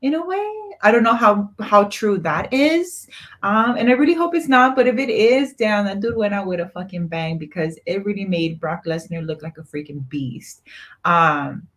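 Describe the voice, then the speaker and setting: A woman co-hosting a wrestling podcast, talking in an animated way, laughing and jumping up in pitch as she gets excited. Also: moderate pace. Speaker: podcast co-host. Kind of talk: casual wrestling chat.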